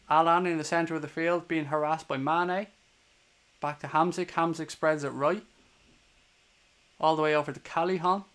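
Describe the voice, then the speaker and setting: A man's voice: a little high, a bit bright, smooth. Irish guy calling a match live. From Ireland. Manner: swears hotly at opposing players. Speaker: fan watchalong streamer doing live commentary. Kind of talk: live play-by-play commentary to a stream chat.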